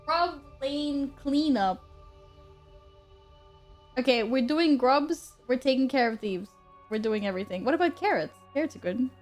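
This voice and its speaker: A young woman chatting casually on a game stream, joking and rambling with quick self-corrections. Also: on the high side, animated, faint music behind. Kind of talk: casual live-stream chat while gaming.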